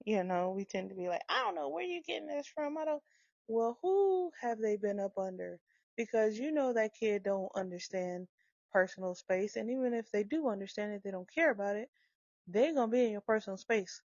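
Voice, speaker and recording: A woman with a gravelly, creaky voice talks about parenting in a loose, animated monologue, often slipping into little acted-out bits of dialogue. The recording is dry and slightly dull, with no room sound around her. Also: mid-range voice, normal speed, dry recording. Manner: animated, acts out quoted dialogue, frequent laughs.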